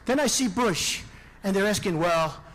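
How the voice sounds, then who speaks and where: A presidential candidate giving a rambling, off-the-cuff rally speech, repeating himself and throwing asides to the crowd. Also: male voice, high-pitched, big pitch swings, normal speed, fairly bright tone. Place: large indoor rally venue.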